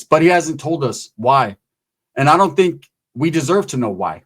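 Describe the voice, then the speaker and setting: A man's voice: on the high side, animated, moderate pace, a bit bright, breathy edge. A man giving casual vlog commentary in streetwise, slang-heavy talk, swearing freely. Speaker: channel commentator.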